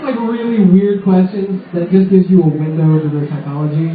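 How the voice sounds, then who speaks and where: A man doing a stand-up comedy set in a pub, rambling and self-deprecating, his pitch jumping up as he goes. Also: brisk, few pauses. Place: comedy show in a sports pub. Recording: echoey, distant, phone-like sound from a bar.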